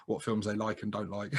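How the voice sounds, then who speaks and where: A man co-hosting a casual chat about films, animated, laughing often and swearing freely. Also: lowish voice, slightly rough. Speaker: podcast co-host.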